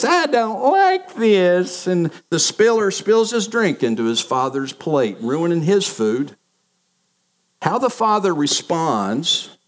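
A middle-aged man preaches a sermon in a somewhat high voice. He tells stories from family life and acts out the quoted lines with changing pitch. He speaks as a pastor to his congregation.

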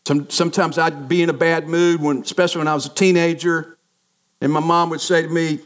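Man preaching with lively storytelling. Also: on the high side, fairly quick. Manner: storytelling, acts out quoted voices of family members. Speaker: pastor. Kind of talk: sermon.

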